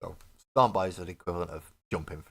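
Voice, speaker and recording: A man's voice: deep voice, quick pace, fairly bright tone, breathy edge. A British man streaming while he paints miniatures, reading lore aloud and adding dry, joking asides. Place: home hobby desk.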